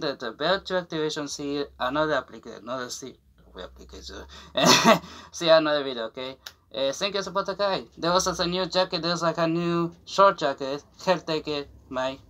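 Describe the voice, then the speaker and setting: A young man vlogging in halting, broken English as he shows off a new jacket, rambling with fillers, restarts and giggles. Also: mid-range voice, a bit bright. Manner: non-native English with broken grammar. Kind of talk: casual unboxing chat to camera.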